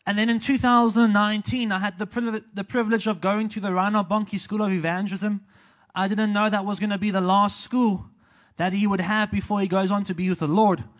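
High-voiced South African evangelist preaching. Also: male voice. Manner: animated preaching with frequent hallelujahs and amens; walks around while preaching. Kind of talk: sermon. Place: church.

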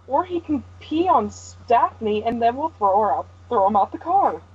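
Animated, sarcastic podcast speaker, lo-fi audio. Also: mid-range voice, normal speed, slightly rough. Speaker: podcast panelist. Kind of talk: casual chat. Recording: dull lo-fi audio with faint noise.

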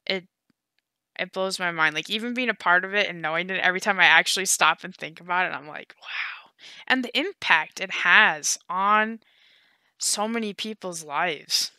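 A young woman co-hosting a gaming podcast in casual chat, animated and chatty, saying "like" often. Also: on the low side, smooth, no room sound. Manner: animated, heavy use of "like", quick laughs. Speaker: podcast co-host.

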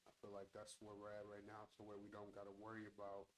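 A laid-back man chatting on a home podcast, his voice sitting low and staying flat with little rise or fall. He swears freely as he talks into a handheld mic, with a faint hiss underneath. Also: fast, rough recording. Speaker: podcast host. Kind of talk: casual podcast chat.

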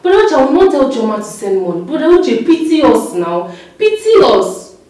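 A woman's voice: high voice, very animated, a little fast, warm tone. An actress playing a young woman who pleads with a relative on the phone, exasperated and repeating herself. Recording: very echoey room from a distance.

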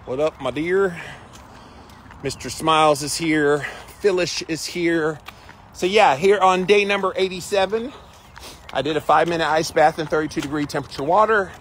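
A man's voice: fairly high pitch, moderate pace, a bit bright, slight background noise. A man hosting a casual livestream outdoors, talking emphatically and greeting viewers by name, with chickens clucking nearby. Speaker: livestream host.

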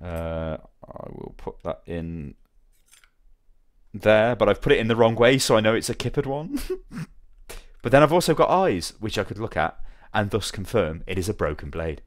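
A young man talks to his stream in a loose, rambling way, greeting viewers one by one. His voice sits a little low. It is casual hobby chat, never scripted. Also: very animated, normal speed. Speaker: streamer building models.

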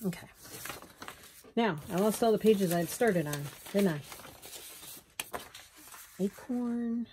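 A woman's voice: medium pitch, lively intonation, slow, pauses often, warm tone, slight background noise. A woman chatting casually through a crafting vlog at home, rambling and poking fun at herself with frequent little laughs. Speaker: journaling crafter.

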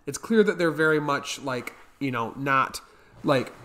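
This male show reviewer has a mid-range, expressive voice that is a little slow and sharp in tone. Rambling and leaning on fillers, he casually goes over a TV episode and acts out what the characters say.

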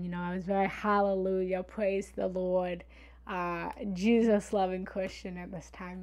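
A woman who coaches meditation, telling a personal story in a candid, vulnerable way on a live stream, with frequent fillers and asides of "right?". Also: mid-range voice. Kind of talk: live-stream confessional talk.

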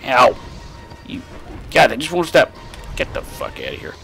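Speaking into a desk mic, a young man narrates his gameplay in a casual let's play style, swearing, getting excited, and laughing a lot. He has a medium-pitched voice at a normal speed, and soft music plays behind him.

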